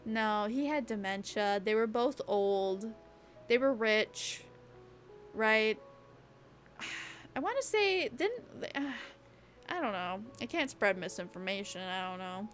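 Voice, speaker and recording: A woman's voice: medium pitch, lively intonation, slow pace, long pauses, faint music behind. A young woman streaming a casual late-night chat, rambling and chatty, peppering her talk with "like" and the odd swear word. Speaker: VTuber streamer.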